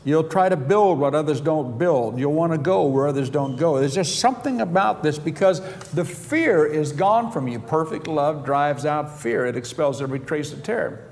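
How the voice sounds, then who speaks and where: A man's voice: on the high side, lively intonation, normal speed, hardly any pauses, darkish tone. A middle-aged man preaching a sermon, telling stories with chuckles and quoting conversations in his own voice. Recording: reverberant hall, faint background noise.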